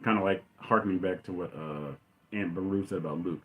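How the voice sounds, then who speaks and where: A man in casual commentary, rambling and enthusiastic as he retells a movie scene and acts out lines in quick voices. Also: sits low, highs cut off, slight background noise. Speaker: podcast host.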